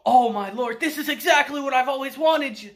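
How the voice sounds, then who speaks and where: A man's voice: very high-pitched, brisk, voice pushed up. A man voicing a fawning elderly male court mage who pleads and gushes. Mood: gushing. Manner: pleading, gushing.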